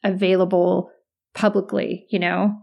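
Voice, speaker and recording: Gravelly-voiced woman podcast co-host. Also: lowish voice, flat delivery, measured pace, lo-fi sound. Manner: conversational, thinks aloud. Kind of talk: casual chat.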